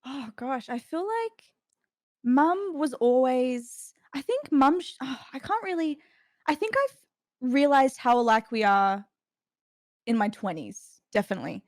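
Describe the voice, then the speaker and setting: A woman's voice: high voice, very animated, unhurried, no echo, clean studio sound. A young Australian woman in her twenties, a guest chatting casually and laughing often between stories. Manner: giggly, chatty, trailing restarts. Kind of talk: casual interview chat.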